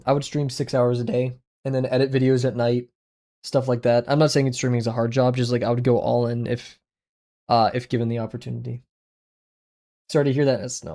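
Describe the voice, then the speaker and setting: A young man chats with his viewers while he draws on a livestream. He rambles from topic to topic and often breaks into laughter. His voice sits in an ordinary middle pitch, but it bounces up whenever he gets excited. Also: creaky. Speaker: art livestreamer. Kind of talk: casual chat with viewers while drawing.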